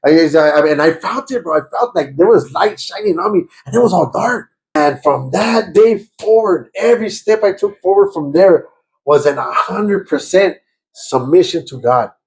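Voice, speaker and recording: A man telling his conversion testimony in a conversation, repeating himself and stammering, and turning loud and fervent as he relives praying, with Spanish words slipping in. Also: sits high, lively intonation, moderate pace. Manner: grows loud and fervent when reliving prayer. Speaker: guest giving a testimony.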